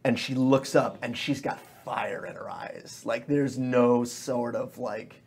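A man's voice: medium pitch, fairly even intonation, takes it slowly, vocal fry, darkish tone, breathy edge. A man as game master, narrating a tabletop scene like a film, with many fillers.

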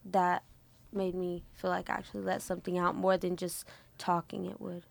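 A young woman student talks in a casual chat with a gravelly, creaky voice. She is hesitant and thoughtful, and she leans on fillers as she searches for words. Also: fairly low pitch, little pitch movement, moderate pace. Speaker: music student.

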